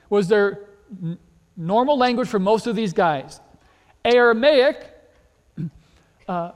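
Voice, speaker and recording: High-voiced preacher in a big hall. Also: male voice. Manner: conversational, animated, rhetorical questions, repeats words. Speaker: pastor. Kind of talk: sermon. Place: church sanctuary. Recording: long reverb of a large hall.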